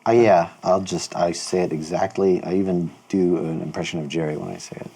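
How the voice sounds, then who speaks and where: A man's voice: deep voice, animated, a little fast, creaky, mellow, breathy edge. A man playing a tabletop game, cracking jokes. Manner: wisecracking. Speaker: player.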